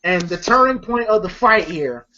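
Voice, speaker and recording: A movie reviewer recaps a film scene in a high, sharp, animated voice at normal speed. His casual commentary rambles with plenty of fillers, free swearing and frequent laughter, captured on lo-fi, dull-sounding audio.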